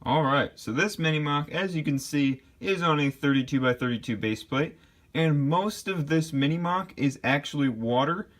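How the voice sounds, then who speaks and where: A man's voice: a little high, moderate pace. A young man casually showing off his LEGO build to his viewers, talking it through with fillers and self-corrections. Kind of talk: casual show-and-tell narration.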